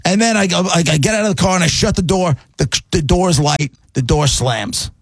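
A middle-aged man telling a long story in casual chat, animated and rambling, often checking in with the listener. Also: sits high, a little fast, breathy edge, dry recording. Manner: animated, rambling, repeats "right?".

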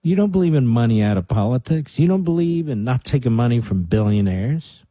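A man's voice: medium pitch, expressive, a little fast, slightly rough, dry recording, dull audio. A man hosting a talk radio show, sarcastic and combative, stopping clips to mock them.

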